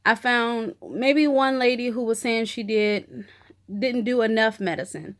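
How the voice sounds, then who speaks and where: A woman vlogger gives a candid, emotional personal video update, chatting casually with lots of "you know" and "like" as she talks openly through her feelings. Her voice is on the high side and her pace measured.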